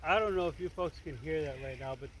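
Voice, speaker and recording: Enthusiastic guy vlogging out in the woods by a waterfall, kinda higher voice, bit of outdoor noise. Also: quick pace, a bit bright, low-quality recording. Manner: upbeat, enthusiastic, addresses viewers as folks. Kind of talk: casual nature vlog, talking to camera. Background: running water.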